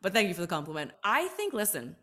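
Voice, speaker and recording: A woman's voice: on the low side, wildly swooping pitch, bright, forceful tone. A woman in her thirties speaking earnestly and reflectively as a podcast interview guest. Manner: earnest, reflective, quick to emphasize. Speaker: guest, entertainer and author.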